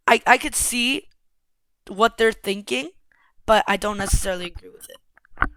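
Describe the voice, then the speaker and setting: A man co-hosting a podcast in casual chat, talking in a relaxed way with many fillers. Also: sits high, smooth, no room sound, clean studio sound. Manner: relaxed, filler-heavy talk. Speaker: podcast co-host.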